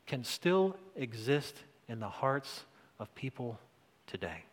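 A man's voice: mid-range voice, sing-song, slow pace. A male pastor preaching a sermon in a church, earnest and conversational, building to emphatic points. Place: church sanctuary. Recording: long church hall reverb.

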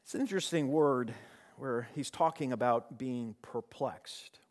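A man preaching a sermon with a dynamic delivery that swings between raised, emphatic passages and hushed, quiet ones. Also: medium pitch, a little slow. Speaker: pastor. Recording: long hall reverb.

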